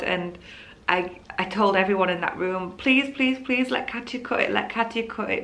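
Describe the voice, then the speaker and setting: Young woman, bright forward tone, low-pitched, emotional candid vlog storytelling. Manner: emotional, candid, rambling with restarts. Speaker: vlogger telling her birth story. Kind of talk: casual personal storytelling.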